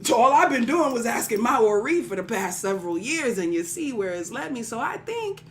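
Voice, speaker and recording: Woman, fairly high voice, preacherly, rhythmic repetition, call-and-response, faint noise behind. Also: big pitch swings, brisk. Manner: preacherly call-and-response, calling out listeners by name; casual, colloquial speech. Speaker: spiritual teacher leading weekly prayer. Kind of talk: livestream sermon-style teaching.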